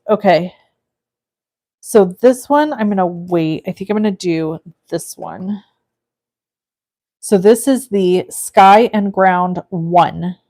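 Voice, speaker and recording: A woman's voice: medium pitch, a little mellow. A woman hosting a live card-making stream, chatting casually and thinking aloud as she works and reads viewer comments. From California. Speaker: crafting livestream host. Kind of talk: casual live crafting demo.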